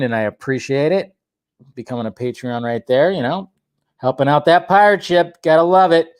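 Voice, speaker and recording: A man's voice: medium pitch, clear, resonant tone. A young man hosting a casual live stream, chatting in a rambling way and talking straight to viewers in the chat. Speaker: host.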